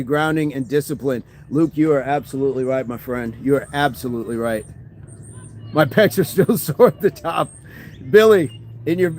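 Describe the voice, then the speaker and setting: A man's voice: on the high side, a little hiss or hum. A man hosting a fitness livestream, chatting casually and answering viewer comments, often agreeing with "absolutely".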